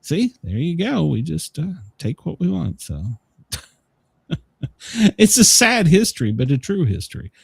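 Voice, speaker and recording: A man's voice: fairly high pitch, unhurried, creaky, pauses often, slightly rough, no echo. A man hosting a casual podcast who tells stories with a lot of chuckling and acts out other people's lines. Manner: animated storyteller, chuckling, mimicking people. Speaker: podcast host. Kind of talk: casual chat.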